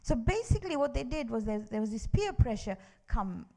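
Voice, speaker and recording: A woman's voice: on the high side, very animated, fast talker, creaky, mellow. A woman teaching a Quran class in a mosque, telling stories in British-accented English and reciting Arabic verses.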